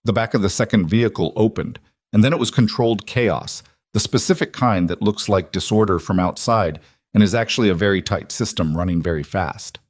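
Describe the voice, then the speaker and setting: A man narrating a scripted story in a measured, steady delivery. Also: lowish voice, no room sound.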